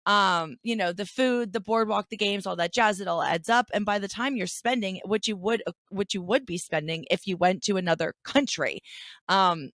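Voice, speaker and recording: A woman co-hosting a podcast in casual chat, talking in an animated way and laughing often. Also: mid-range voice, normal speed, no room sound, studio quality. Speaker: podcast co-host. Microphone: studio headphones.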